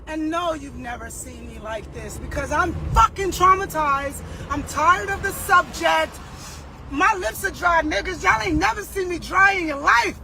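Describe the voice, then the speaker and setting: A hoarse woman, a singer, ranting emphatically and profanely, often shouting. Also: very high voice, unhurried, background noise. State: hoarse, losing her voice. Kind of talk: social media rant.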